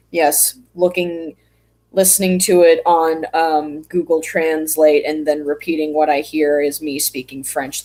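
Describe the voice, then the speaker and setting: An American woman streamer chats casually while drawing on a livestream, rambling and poking fun at herself. Her voice is low and a little mellow, and the recording is rough.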